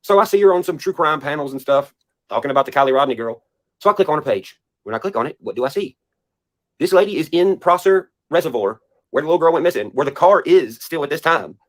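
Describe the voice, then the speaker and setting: A man's voice: fairly high pitch, animated, fast talker. A man in a played video clip, telling a story in an indignant rant. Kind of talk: ranting video monologue.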